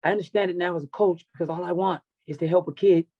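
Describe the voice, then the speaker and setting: Talking fast in a high, fairly level voice, a middle-aged man tells his life story on a podcast as a wrestling and MMA coach. He's blunt, emotional, and profane. The highs in the recording are cut off.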